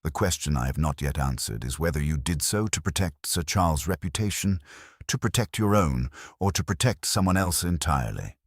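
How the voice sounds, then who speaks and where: A man's voice: very deep voice, expressive, fairly quick, husky, dry recording, studio quality, full character voice. A man voicing a shrewd, fussy older male detective who speaks precisely and formally. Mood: accusing.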